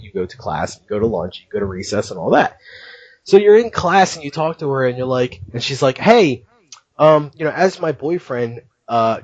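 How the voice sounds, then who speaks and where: Guy hosting a podcast, bouncy animated voice, keeps laughing, dullish lo-fi audio. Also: medium pitch, husky, no echo. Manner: animated storyteller who laughs often. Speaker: podcast host. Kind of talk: casual podcast chat.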